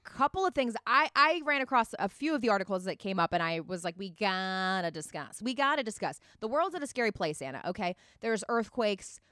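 Chatty quick-talking woman, dry close mic. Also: a little high, sing-song, pushed and bright, dry recording. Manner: chatty, quick, laughs easily. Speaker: podcast co-host. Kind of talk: casual chat. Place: from the DC area.

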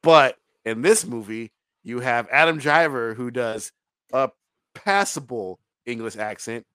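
A man's voice: medium pitch, lively intonation, a little slow, bright, forceful tone, clean tone, no echo. A man co-hosting a podcast, reviewing a movie in casual, rambling, profane chat and laughing often. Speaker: podcast co-host reviewing a film.

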